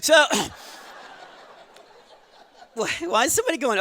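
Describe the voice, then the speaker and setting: A man in his forties doing a stand-up comedy set, telling chatty stories and acting out quick quotes of the people in them. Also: sits high, very animated, pushed and bright. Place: live venue with audience.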